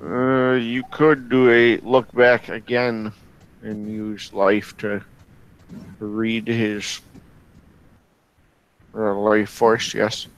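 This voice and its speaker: Slow-talking male game master. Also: lowish voice, flat delivery, poor audio. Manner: slow, hesitant, many fillers. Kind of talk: running a tabletop game.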